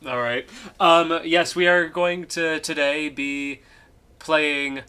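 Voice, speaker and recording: Slow-talking bright-voiced young man. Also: a little high, fairly even intonation, a little hiss or hum. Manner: rambling, chatty, laughs easily. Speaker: streamer playing a game. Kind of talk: casual game-stream chat.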